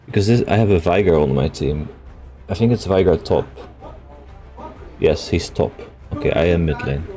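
A man's voice: low-pitched, dark tone. A young man with a Dutch accent streaming a game, chatting casually, reading chat aloud and swearing freely.

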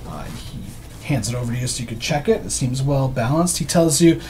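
A man's voice: mid-range voice, brisk, darkish tone. A man runs a tabletop game in a loose, chatty style. His narration is casual and easygoing. Faint hiss sits underneath. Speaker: game master.

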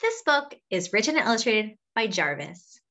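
A woman's voice: medium pitch, very animated, moderate pace, bright, forceful tone, dull audio. A woman reading a children's picture book aloud in a sing-song teacher's manner, addressing the listeners as friends. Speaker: children's story reader.

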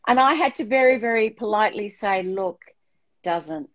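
A woman's voice: medium pitch, expressive, normal speed, fairly bright tone. An Australian interior designer woman chatting bluntly and theatrically on a live stream, calling everyone darling and swearing mildly. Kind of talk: casual live-stream chat. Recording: dull lo-fi stream audio.

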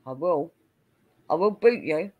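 A woman's voice: on the low side, expressive, measured pace, darkish tone. A woman hosting a casual stream chat, teasing and exasperated, laughing often. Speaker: streamer host.

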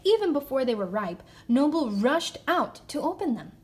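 A woman reads a children's folktale aloud. Her voice sits a little high, and she reads expressively, slowing down on key words. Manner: expressive, slows down for emphasis. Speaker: narrator. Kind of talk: children's story read-aloud.

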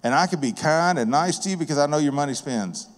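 Folksy preacher in a reverberant church. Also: male voice, a little high, animated, quick pace. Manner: folksy, conversational, plain-spoken. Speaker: guest preacher and business owner. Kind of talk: sermon with personal storytelling. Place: church sanctuary. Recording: long reverb of a church hall.

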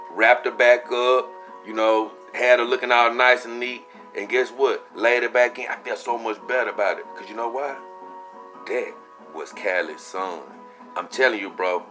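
A young man casually telling a story for his vlog, animated and profane, acting out what he said at the time. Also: mid-range voice. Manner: animated, profane, acts out his own quotes. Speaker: vlogger.

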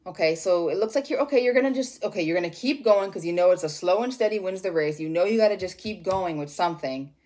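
A woman with a somewhat low voice talks her way through a casual tarot reading. She rambles, circles back on herself and swears freely as she reacts to the cards. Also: fast, few pauses, a little mellow. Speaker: tarot reader.

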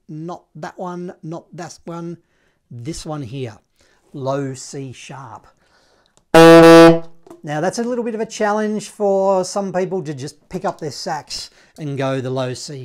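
An upbeat man teaching a casual saxophone lesson, playful and singing out the notes. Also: fairly high pitch. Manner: upbeat, playful, sings note sounds.

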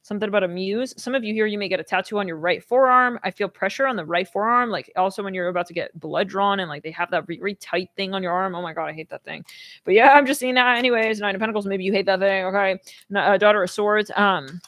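A woman in a loose, wandering tarot reading, her voice sitting at an everyday middle pitch. She keeps stopping to restart her thoughts and fill gaps with ums and likes. The sound is dry and close, with no room around it. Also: fast talker, a bit bright, dry recording. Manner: rambling, full of fillers and self-corrections. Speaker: tarot reader. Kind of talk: casual tarot reading to camera.

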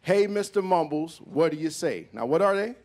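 Playful high-voiced man leading a club crowd. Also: expressive, normal speed. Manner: playful, folksy, breaks into sung snippets. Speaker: bandleader leading audience participation. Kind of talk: onstage banter and call-and-response teaching. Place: live jazz club stage. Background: live jazz band.

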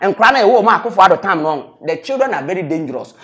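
A man's voice: sits high, fast talker. A Ghanaian man with a Ghanaian accent, talking animatedly about politics in a heated casual chat, repeating himself and laughing. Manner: animated, repetitive, laughing jabs.

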